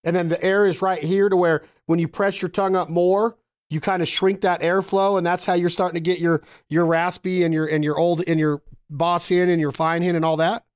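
A man hosting a podcast, chatting enthusiastically about calling technique and breaking into quick vocal imitations. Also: high voice, little pitch movement, clean tone. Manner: enthusiastic, imitates calls and singers mid-talk. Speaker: podcast host. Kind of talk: casual technical chat.

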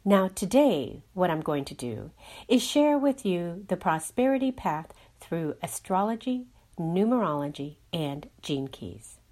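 A woman guides listeners through a meditation and an astrology talk at an unhurried pace. Her soothing voice rises and falls widely as she gives each instruction. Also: fairly low pitch, sing-song, darkish tone. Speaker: inner healing guide.

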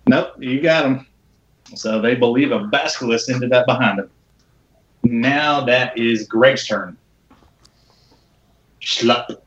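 A man's voice: medium pitch, takes it slowly, pauses often, a bit bright, reverberant, muffled recording. A man acting as game master, calling rolls and damage in an easygoing manner with small chuckles. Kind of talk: running a tabletop game over voice chat.

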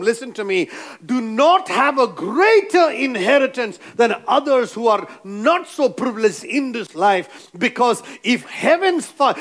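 A male preacher with a high voice that swings widely up and down. He preaches with emphasis, repeats his phrases, and keeps urging the congregation to say amen. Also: fairly bright tone. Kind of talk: sermon.

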